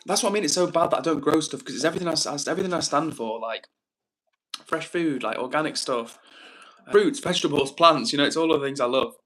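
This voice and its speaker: Talking fast in a slightly high, fairly bright voice, a young livestream host keeps things chatty and upbeat while reading out comments from his viewers.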